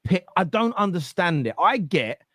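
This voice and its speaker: Animated football podcast host. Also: male voice, high-pitched, moderate pace, dry recording, clean studio sound. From England. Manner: animated, emphatic, repeats words. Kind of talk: casual football podcast chat.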